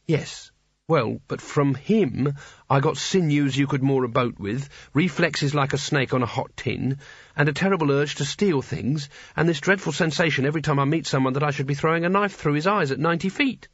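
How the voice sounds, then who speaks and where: A man's voice: a little high, moderate pace, a bit bright, husky. A man voicing Kanina, a fierce young woman thief who speaks bluntly and curtly. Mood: confiding. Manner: brusque, curt. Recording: dry, slightly dull audiobook recording.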